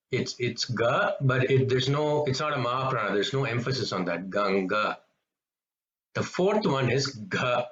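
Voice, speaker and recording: A man teaching pronunciation in a patient lesson, slowly repeating each example sound. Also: medium pitch, fairly bright tone. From Tamil-speaking background, South India. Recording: echoey, slightly dull room recording.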